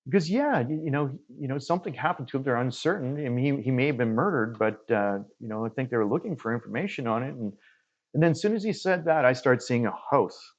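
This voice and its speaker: A man from Canada, a guest medium, telling a story in casual conversation and acting out the dialogue with lively quoted voices. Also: medium pitch, fast, dull audio. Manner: animated storyteller who acts out quoted dialogue.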